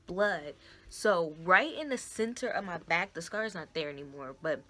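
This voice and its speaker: A woman's voice: lowish voice, expressive, normal speed, sharp tone. A woman vlogger telling a story casually to her camera, chatting directly with her viewers as y'all and guys, recorded on a phone camera.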